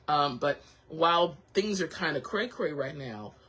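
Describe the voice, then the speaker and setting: A woman's voice: low voice, expressive, unhurried, a bit bright, low-quality recording. A woman hosting a casual motivational chat, encouraging and heartfelt, who thinks aloud with frequent restarts and repeats her reassurances. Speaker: host.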